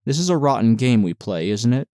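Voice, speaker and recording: A man voicing a tender, fragile young woman nurse in an audiobook, speaking softly and pleadingly. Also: medium pitch, big pitch swings, a little fast, dry recording, studio quality, lightly acted.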